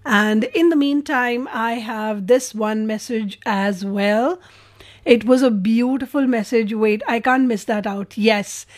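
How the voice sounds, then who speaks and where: A woman hosts a radio music show in a high, bright voice. She gushes sentimentally over listener messages and sounds openly moved by them. The chat flows in an effusive, heartfelt way. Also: slow. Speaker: radio host.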